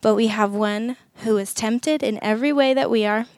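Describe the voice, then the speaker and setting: A woman's voice: fairly high pitch, normal speed, a little mellow, clear, resonant tone, no echo, clean studio sound. A woman speaking earnestly to parents at a church gathering, conversational, acting out short prayers as she goes. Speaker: women's ministry speaker. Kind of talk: sermon talk to parents.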